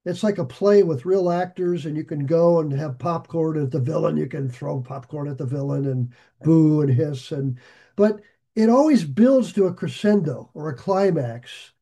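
A man teaching a verse-by-verse Bible study, reading scripture aloud and breaking into chatty asides. He gets excited easily and raises his voice. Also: fairly high pitch, moderate pace.

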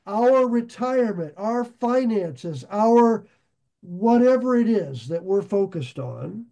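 A man preaching a sermon, reading scripture slowly and pausing to ask his listeners questions. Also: sits high, expressive, vocal fry, dark tone. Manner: slow, deliberate, asks the listeners questions. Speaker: pastor.

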